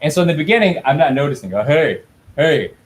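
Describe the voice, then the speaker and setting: A man hosting a casual chat while stretching, animated and acting out the voices he quotes. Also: a little high, very fast, slight background noise. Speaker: host.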